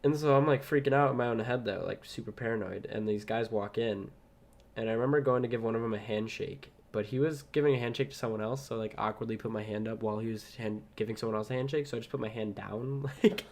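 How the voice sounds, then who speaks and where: A man's voice: lowish voice, fast talker, vocal fry. Young man telling a rambling story. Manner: rambling, swears often, laughs at himself. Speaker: podcast co-host. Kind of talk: casual chat, storytelling.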